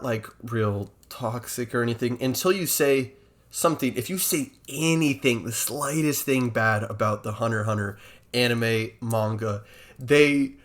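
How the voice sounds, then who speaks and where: Rambling young man chatting casually. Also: mid-range voice. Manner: animated, rambling with many fillers. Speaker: podcast co-host. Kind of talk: casual chat.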